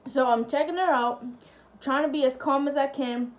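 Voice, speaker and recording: A young woman vlogger telling a casual story to camera, chatty and lively, acting out the other people. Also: high-pitched, moderate pace. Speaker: family-channel vlogger.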